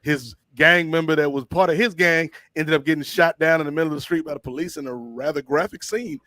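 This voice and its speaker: Animated man retelling movies. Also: a little high, a little fast. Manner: animated storyteller, acts out scenes. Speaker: podcast host. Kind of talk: casual chat.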